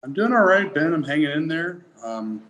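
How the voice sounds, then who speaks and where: A man guest on a stream panel, telling a personal story in a halting, emotional way with many restarts. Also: fairly high pitch, expressive, fairly bright tone, rough recording.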